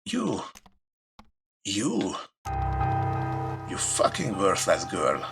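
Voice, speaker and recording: Brief: man doing a cold, abusive mother, harsh and shouting, gravelly. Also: deep voice, wildly swooping pitch, extremely slow, over loud music, voice pushed up, exaggerated voice. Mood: angry.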